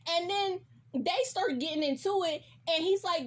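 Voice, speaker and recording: A young woman casually recapping a TV episode, animated and full of slang and cursing. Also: extremely high pitch, normal speed. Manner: animated, slangy, heavy profanity. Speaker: recap host.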